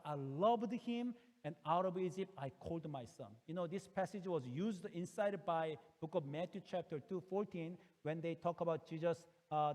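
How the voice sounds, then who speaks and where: A man's voice: a little high, darkish tone, long reverb tail. A man preaching a sermon in English as a second language, earnest and emphatic, often restarting his sentences. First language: Korean. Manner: earnest, rises into emphatic pleading when quoting God; non-native phrasing with frequent fillers and restarts. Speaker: pastor.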